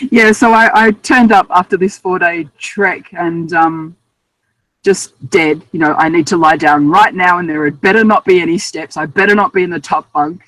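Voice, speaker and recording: A woman with an Australian accent speaks in a fairly low, slightly bright voice, captured in a dry, rough recording. She's a guest author in a casual interview, telling travel stories in a chatty, self-amused way.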